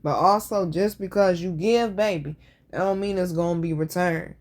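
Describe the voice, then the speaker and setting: A woman's voice: fairly low pitch, normal speed. A woman hosting a casual show, telling stories in a blunt, profane, sassy way. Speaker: podcast host. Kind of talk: casual storytelling chat.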